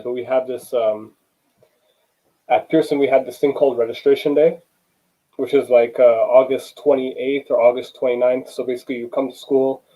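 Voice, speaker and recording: A man's voice: medium pitch, warm tone, poor audio. A young man giving a personal storytelling talk to students in a conversational way, often saying "you know" and acting out the dialogue. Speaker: student speaker.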